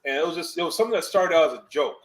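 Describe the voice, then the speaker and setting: A man's voice: on the high side, animated, very fast. A man, a guest on a podcast, chatting casually in a rambling way, full of fillers. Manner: rambling, filler-heavy, says "like" a lot. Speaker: guest, former football player.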